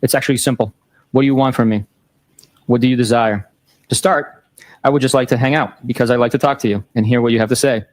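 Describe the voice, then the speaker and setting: A courtroom participant reads texts aloud at a quick pace through the room's microphone. His middle-register voice stays flat and businesslike, even over teasing messages, and he gives every date and time plainly before the texts that follow.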